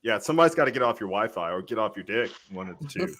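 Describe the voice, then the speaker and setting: A man's voice: on the low side, animated, very fast, a bit bright. A man cracking crude jokes in casual banter, mocking the host and slipping into silly voices. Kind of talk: joking banter.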